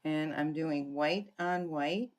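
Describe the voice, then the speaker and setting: A woman giving a casual card-making tutorial, chatting and thinking aloud as she works, often clearing her throat. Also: low-pitched, slow pace, slight background noise. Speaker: papercraft demonstrator.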